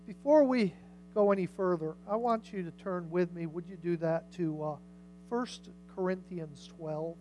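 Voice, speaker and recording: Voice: medium pitch, a little slow, mellow, a little hiss or hum, rough recording. Conversational pastor preaching a sermon. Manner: conversational, questions the congregation. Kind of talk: sermon with scripture reading. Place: church service.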